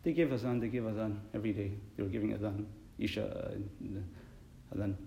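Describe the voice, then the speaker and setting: Earnest imam preaching in a mosque. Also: male voice, on the low side, moderate pace, gravelly, echoey room. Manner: earnest, animated storytelling with Arabic phrases. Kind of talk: sermon.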